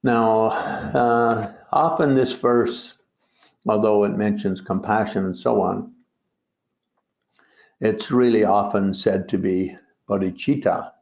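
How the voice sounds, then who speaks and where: A man's voice: lowish voice, slow, gravelly, a little mellow. A man teaching as a Buddhist teacher in a dharma talk, digressive and full of joking asides. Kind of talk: dharma talk on a translated poem. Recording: roomy, dull lo-fi recording.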